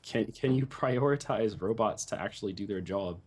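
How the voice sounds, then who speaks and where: A man hosting a multiplayer game session, chatting casually and telling stories in a rambling, animated way. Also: on the low side, moderate pace, husky. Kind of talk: casual gaming chat.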